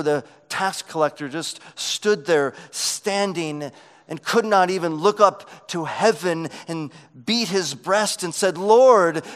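Male pastor, high-pitched voice, unhurried delivery, sermon in a long-reverb sanctuary. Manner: preaching with emphatic swells and dropping to quiet lows.

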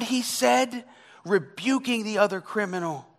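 A man preaching a sermon, dramatic, swinging between loud emphasis and hushed, near-whispered lines. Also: on the high side, animated, slow pace. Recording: long hall reverb.

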